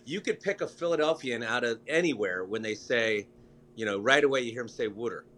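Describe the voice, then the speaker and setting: A man's voice: medium pitch, lively intonation, brisk, a bit bright. A man who works in news, speaking as a guest in a casual interview, talking in a chatty, rambling and enthusiastic way.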